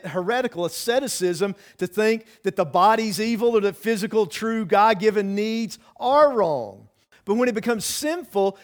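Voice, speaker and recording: A man preaching a sermon as pastor, earnest and conversational, often repeating words and restarting his sentences. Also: high-pitched. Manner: conversational preaching with many "you know"s.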